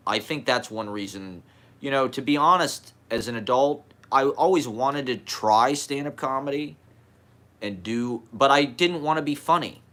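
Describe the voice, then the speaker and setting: A man's voice: mid-range voice, a bit bright. A man with a slight lisp, talking candidly in a rambling personal monologue, swearing and laughing as he goes.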